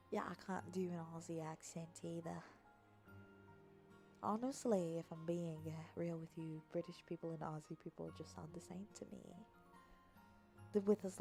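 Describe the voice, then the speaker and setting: Woman streamer, casual playful chat, gravelly, warm dark tone, faint music behind. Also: fairly low pitch. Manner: playful, rambling, teasing. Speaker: VTuber streamer. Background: faint background music.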